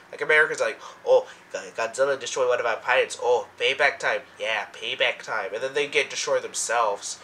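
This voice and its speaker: A young man rambling excitedly through a casual movie fan commentary, full of fillers and asides. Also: mid-range voice, a little hiss or hum. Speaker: movie review vlogger.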